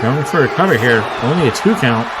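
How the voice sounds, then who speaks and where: A man doing live play-by-play commentary on a wrestling show, excitable, with frequent exclamations and wry asides. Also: mid-range voice, brisk. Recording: clear crowd noise and background noise.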